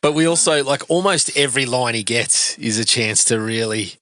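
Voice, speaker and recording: A man's voice: mid-range voice, moderate pace, sharp tone, no room sound. Sweary man reviewing films. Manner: enthusiastic, sweary, laughs often. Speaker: podcast co-host. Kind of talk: casual film review chat.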